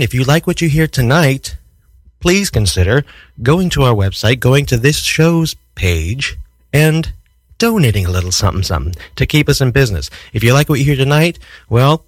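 A man's voice: mid-range voice, dry recording. A man hosting a community radio show from the studio, reading the opening with jokey, mock-dramatic asides.

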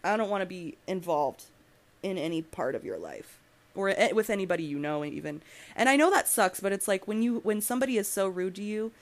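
A woman's voice: medium pitch, big pitch swings, a little fast. A young woman hosting a podcast, ranting bluntly and emotionally with profanity and many restarts. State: emotional, angry. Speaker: podcast host. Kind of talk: heated podcast rant.

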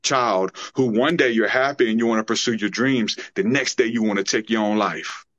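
A man's voice: lowish voice, normal speed, a bit bright. Fervent man preaching on a podcast. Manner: fervent, preaching tone with emotional build-ups. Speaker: podcast guest. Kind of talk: impassioned spiritual conversation. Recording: dull lo-fi sound.

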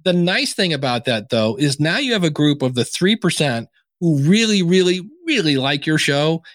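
A man talks casually as a guest on a podcast, animated and bouncing from one anecdote to the next while he acts out the other voices. His voice sits a little on the high side. The recording is dry and close, with no room sound. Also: moderate pace, no echo. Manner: animated storyteller acting out quoted exchanges. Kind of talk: casual interview talk.

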